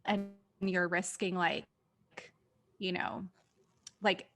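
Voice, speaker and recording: A woman's voice: on the low side, level tone, slow pace, a bit bright, faint music behind. Reflective woman co-hosting a talk. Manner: reflective, thinks aloud with many fillers. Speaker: co-host. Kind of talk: casual conversation.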